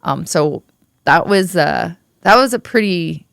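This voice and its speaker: Gravelly-voiced woman telling her story. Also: lowish voice, animated, no room sound, studio quality. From Ontario, Canada. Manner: frank, swears freely, halting restarts. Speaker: podcast guest. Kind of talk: candid conversational storytelling.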